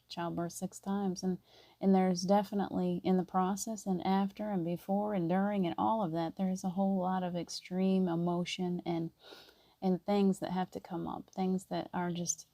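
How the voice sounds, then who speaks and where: A middle-aged woman hosting a spiritual live stream, talking softly and earnestly and greeting viewers by name. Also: lowish voice, no room sound.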